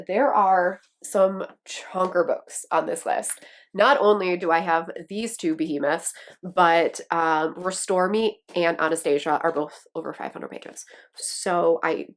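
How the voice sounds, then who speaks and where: Brief: woman, Wisconsin accent, lowish voice, bubbly casual book-vlog chatter. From Wisconsin, USA. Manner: chatty and excitable, self-deprecating laughs. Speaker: book vlogger. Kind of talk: casual chat to camera.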